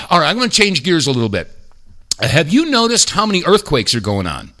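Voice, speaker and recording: A man from the United States hosts a podcast in an exasperated, ranting tone. His voice is bright and fairly high with lively swings, and he slips into mocking impressions. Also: moderate pace. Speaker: podcast host. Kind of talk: casual commentary rant.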